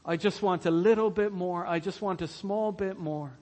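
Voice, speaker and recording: A man's voice: sits high, moderate pace, a little mellow, long reverb tail, lightly acted. Man playing a groggy, whining sluggard. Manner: drowsy, whining mumble. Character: lazy grown man sprawled in bed, whiny and sluggish.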